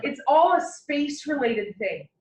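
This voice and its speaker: A woman anatomy instructor giving a classroom lecture, explaining with playful, animated analogies. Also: high voice, a little slow, slight background noise. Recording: roomy, distant, dull lecture recording.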